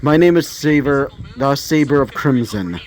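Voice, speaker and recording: A man's voice: mid-range voice, animated, moderate pace, close to an everyday voice. A man voicing a courteous adult male swordsman who speaks formally.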